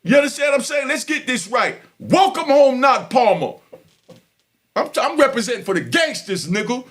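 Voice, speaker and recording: An older man, ranting loudly and with heavy profanity at viewers of his prison stories vlog. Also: extremely high pitch, sing-song, moderate pace. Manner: loud, profane, preaching to viewers. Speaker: prison story vlogger. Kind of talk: heated unscripted monologue.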